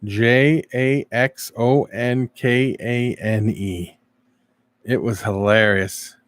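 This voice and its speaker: A man hosting a casual live stream, telling animated stories and answering viewers' chat. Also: mid-range voice, slow pace, no echo. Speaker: live-stream show host.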